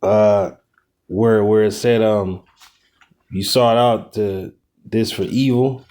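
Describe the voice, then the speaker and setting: Man leading a casual bible study, mellow dark tone, loose slangy delivery. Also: fairly low pitch, slow pace. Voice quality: profane, slangy, animated commentary.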